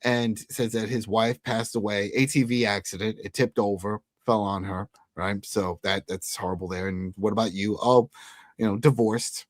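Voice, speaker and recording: A man co-hosting a casual TV recap, speaking in a relaxed, conversational way as he speculates about the episode. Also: fairly low pitch, normal speed, no echo, clean studio sound. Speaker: podcast co-host.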